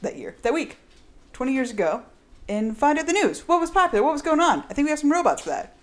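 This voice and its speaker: A woman's voice: high-pitched, big pitch swings, fast. A woman hosting a casual podcast, bubbly and rambling, laughing often. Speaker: podcast host. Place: echoey room.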